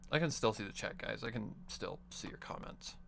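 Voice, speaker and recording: A man's voice: on the low side, lively intonation, brisk, creaky, fairly bright tone, slight background noise. A man on a live stream, casually muttering to himself as he edits audio. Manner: muttering to himself while working.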